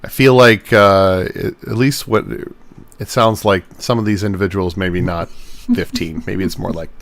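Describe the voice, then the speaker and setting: A young male podcast host chats casually on a livestream while editing his own show, rambling, mocking himself and swearing a bit. His low voice is steady, a little slow, creaky and somewhat bright.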